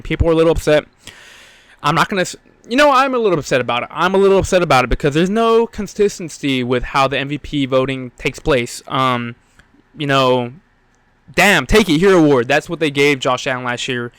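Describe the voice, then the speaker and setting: A man's voice: medium pitch, fairly bright tone, clear, resonant tone, no room sound. A young man hosting a solo sports podcast, out of breath, rambling with lots of fillers and blunt, profane opinions. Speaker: podcast host.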